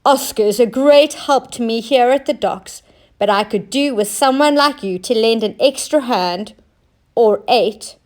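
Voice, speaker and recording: A man's voice: extremely high pitch, a little slow, a little mellow. Woman doing a jolly dock man. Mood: cheerful. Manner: bouncy, friendly, welcoming. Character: jolly, cheerful man running the docks.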